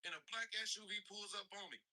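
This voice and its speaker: A man's voice: sits high, fast, bright, forceful tone, poor audio. A man in his forties talking straight to camera in a blunt, profane, slangy way. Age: 40s. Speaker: social media creator. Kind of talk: casual direct-to-camera monologue.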